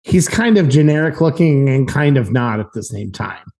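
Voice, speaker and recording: A man's voice: mid-range voice, expressive, moderate pace, vocal fry, a little mellow. A man co-hosting a podcast, chatting casually with wry, teasing remarks. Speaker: podcast co-host. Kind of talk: casual chat.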